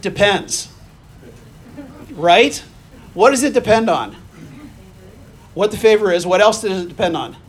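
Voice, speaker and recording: A man's voice: high voice, lively intonation, measured pace, pauses often. A man preaching a sermon in a conversational way, asking the listeners questions and reading scripture aloud. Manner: reads scripture aloud and acts out the quoted lines.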